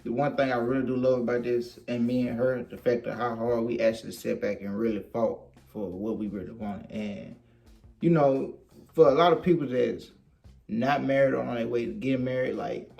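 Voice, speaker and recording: A man's voice: medium pitch, fairly even intonation, moderate pace, vocal fry, darkish tone. A young man in his twenties chatting casually, laid-back and reflective, with lots of "you know.". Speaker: husband co-host.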